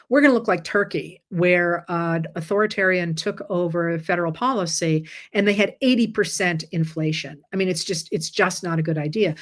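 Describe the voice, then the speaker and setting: A tired woman hosting a casual chat and explaining things step by step in a conversational way. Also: on the low side. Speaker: host.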